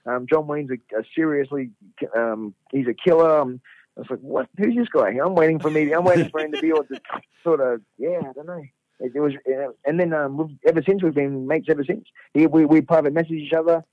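A middle-aged Australian man, a fighter guest, telling a story in a casual, animated way, laughing and swearing freely. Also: fairly high pitch, a little fast. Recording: dull lo-fi radio sound.

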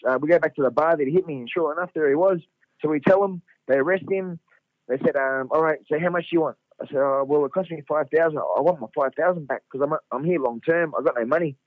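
A middle-aged Australian man, a fighter guest, telling a story in a casual, animated way, laughing and swearing freely. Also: a little high, fast talker, dry recording. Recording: dull lo-fi radio sound.

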